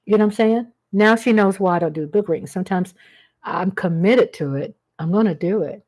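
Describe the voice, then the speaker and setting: A woman's voice: medium pitch, fairly quick, darkish tone. Chatty woman hosting a livestream. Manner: rambling, chatty, greets viewers by name. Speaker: livestream host. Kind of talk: casual live-chat monologue.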